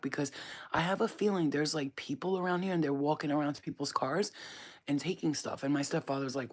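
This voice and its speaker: A woman's voice: low-pitched, a little fast. A woman livestreaming as a psychic reader, casually telling a story to her chat, swearing often and repeating phrases for emphasis.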